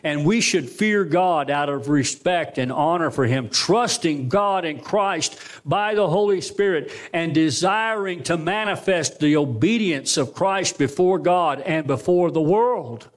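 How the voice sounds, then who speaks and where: A man with a fairly high voice preaching from the pulpit of a church. He presses the congregation with rhetorical questions, rising loud and then dropping to a hushed, slow close. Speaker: pastor. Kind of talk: sermon. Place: church sanctuary.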